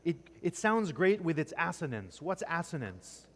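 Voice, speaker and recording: Speaking at normal speed in a sing-song, highish voice, a man leads a poetry lesson inside a church classroom. Questions for the students come again and again, and "right?" closes almost every point, with heavy reverb echoing throughout.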